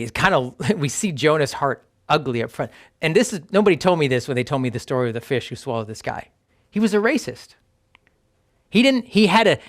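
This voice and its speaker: A man's voice: fairly high pitch, a bit bright. A male pastor preaching a sermon in a conversational, emphatic way, sometimes dropping to a near whisper on key points.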